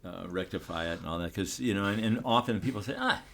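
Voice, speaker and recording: An older man, a photographer, telling a story in a relaxed, rambling way, full of restarts and fillers. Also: low-pitched, fast talker, creaky, a little hiss or hum. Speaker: photographer, guest.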